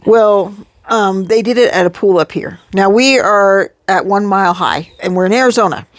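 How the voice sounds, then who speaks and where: A middle-aged woman co-hosting a casual chat, telling her side in a matter-of-fact, gently teasing way. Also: mid-range voice, normal speed, no echo, studio quality. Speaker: podcast co-host, mother of the other host.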